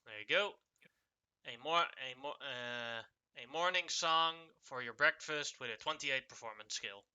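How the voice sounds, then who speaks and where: A man narrating a tabletop game as game master, halting with many fillers. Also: mid-range voice, pushed and bright, smooth, muffled recording.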